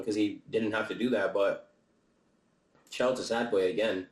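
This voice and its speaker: A man's voice: on the low side, steady tone, moderate pace, echoey room, rough recording. A young man chatting casually and a bit breathlessly in a loose, slangy, profane vlog, laughing often. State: slightly out of breath. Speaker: vlogger reviewing a concert. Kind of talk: casual chat. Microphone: camera-mounted mic.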